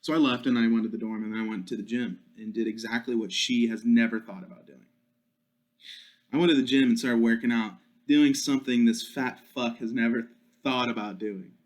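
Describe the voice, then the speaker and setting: A man's voice: mid-range voice, fairly even intonation, brisk. A young man hosting a solo podcast, ranting in a crude, profane, joking way. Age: young adult. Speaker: podcast host.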